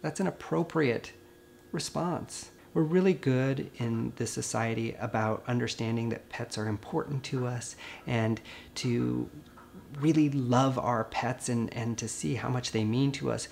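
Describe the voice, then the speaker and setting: Gravelly-voiced grieving man, gentle and earnest. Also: mid-range voice, unhurried, a little hiss or hum. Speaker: veterinarian and video host. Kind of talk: personal vlog talk to camera.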